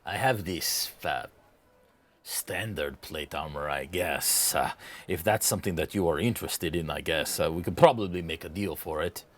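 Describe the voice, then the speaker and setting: A man voicing a smooth-talking male armor merchant who pitches his wares with salesman patter. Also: normal speed. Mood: grudging. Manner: salesman patter, drops to a confiding hush.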